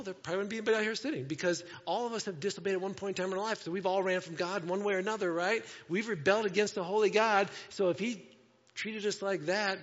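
A man preaching a sermon to a congregation, animated, often acting out voices in quotes. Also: a little high. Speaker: pastor. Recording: dull sound with long hall reverb.

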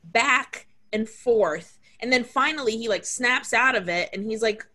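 Bright-voiced animated woman co-host. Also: fairly high pitch, normal speed. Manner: animated, laughs often, acts out characters' lines. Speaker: podcast co-host. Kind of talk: casual chat recapping a horror film.

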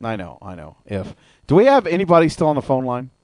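A man hosting a casual talk radio show, chatty and quick to cut in, repeating words as he jumps in. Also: medium pitch, big pitch swings, a little mellow.

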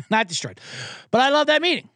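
A man's voice: very high voice, very animated, moderate pace, fairly bright tone, no echo. A man hosting a comedy sports podcast, ranting with profanity and getting fired up. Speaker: podcast host.

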